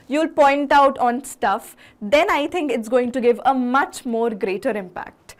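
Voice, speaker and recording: A woman with a high, bright voice teaches a lesson on speaking skills. She sounds earnest and instructive and puts rhetorical questions to her listeners. She slows down and speeds up to stress her points. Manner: earnest, instructive, varies pace and loudness for emphasis. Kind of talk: classroom-style lesson on public speaking.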